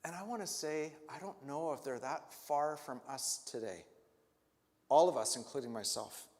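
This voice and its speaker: A man's voice: a little high, normal speed, darkish tone, in a large hall. A male pastor preaching a sermon, asking the congregation reflective questions and rising to emphatic peaks. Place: church sanctuary.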